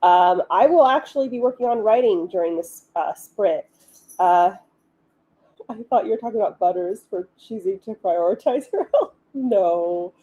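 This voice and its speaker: Brief woman livestream host, casual upbeat chat, mellow tone, lots of fillers. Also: mid-range voice, animated, moderate pace, highs cut off. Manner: chatty, upbeat, many ums and asides.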